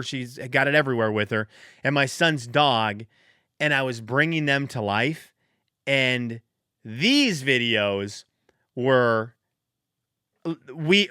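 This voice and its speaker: Excitable, bright-voiced male podcaster. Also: on the high side, no room sound, clean studio sound. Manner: excitable, rambling, bursts into cheering. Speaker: podcast host. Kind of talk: casual solo podcast chat.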